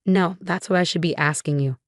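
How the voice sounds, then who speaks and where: Firm annoyed husband in a story, read by a woman, lowish voice, dry sound. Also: a little fast, dry recording, lightly acted. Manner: firm, indignant. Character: indignant grown son, firm husband.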